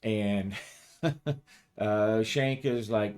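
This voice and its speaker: A game master with a lowish voice narrates his solo tabletop role-playing game at a slow pace. He rambles casually, chuckles often, and frequently restarts his sentences.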